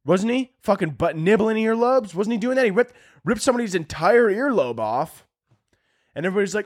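Animated young man ranting sarcastically. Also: moderate pace. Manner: sarcastic, profane, animated, voice cracking high when worked up. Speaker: podcast host. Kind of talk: comedic podcast rant.

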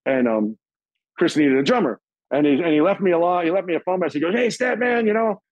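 A middle-aged man telling stories as an interview guest, casual and profane, acting out quoted voices in a higher pitch. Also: animated, fast, a little mellow, no room sound, highs cut off.

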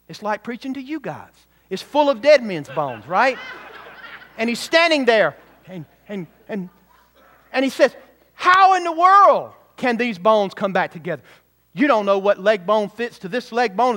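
A man preaching a sermon, full of rhetorical questions and quick asides to the congregation. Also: high voice, a bit bright. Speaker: pastor.

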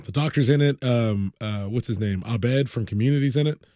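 A man in casual podcast chat, blunt and profane, muttering asides and then bursting out loud. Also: medium pitch, brisk, dry recording, clean studio sound. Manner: blunt, profane, jumps between mumbling asides and loud outbursts.

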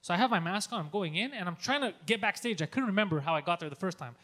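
A Greek man, a stand-up comedian, telling a story in casual chat, animated and profane, acting out shouted lines. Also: high voice, very fast. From Greece.

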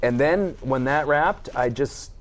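A middle-aged man talks casually as a podcast guest. His pitch sits in the middle range, and he often stops and restarts his sentences. He laughs easily as he talks. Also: unhurried. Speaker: guest actor.

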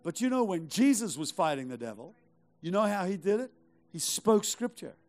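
A man's voice: sits high, sing-song, normal speed, a little mellow, faint music behind. A middle-aged male pastor preaching a sermon, urging the congregation on with rhetorical questions and repeated phrases. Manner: emphatic, exhorting with rhetorical questions and repetition.

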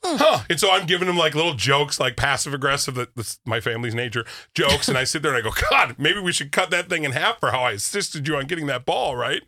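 A man's voice: on the high side, fast. A man co-hosting a show, telling a story in casual chat and acting out the voices of the people in it. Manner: animated, acts out voices in his stories. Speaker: radio show co-host.

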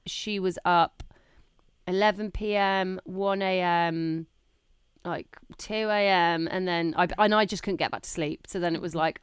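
On a relaxed chat podcast, a co-host in her thirties spins animated stories, performing quoted lines with dramatic pitch jumps. Her clear, resonant voice is unhurried, captured dry with clean studio sound.

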